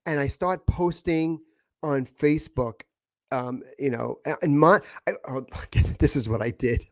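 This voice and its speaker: A middle-aged man with a slightly high-pitched voice recounts a painful memory in casual conversation. He stumbles, restarts and repeats himself as emotion surfaces. The sound is dry and close to the mic. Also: no room sound. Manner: emotional, halting, repeats words. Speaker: guest. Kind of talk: casual podcast storytelling.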